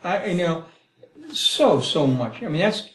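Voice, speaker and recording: A middle-aged man teaching the Bible in a conversational way, animated and acting out prayers, often checking in with "Okay?" and "Right?". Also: a little high, measured pace. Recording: roomy echo.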